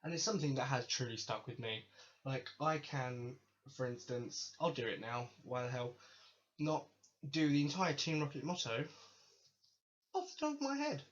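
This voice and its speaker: A man's voice: medium pitch, very animated, normal speed. A man hosting his own podcast, talking casually in a rambling, enthusiastic way that keeps correcting itself. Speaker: podcast host. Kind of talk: casual solo podcast monologue. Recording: slightly dull lo-fi mic with faint hiss.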